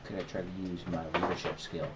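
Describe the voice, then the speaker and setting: A man's voice: sits low, level tone, fast talker. A man chatting casually as a player in a tabletop game, insistent and a bit defensive. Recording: muffled lo-fi with loud hiss.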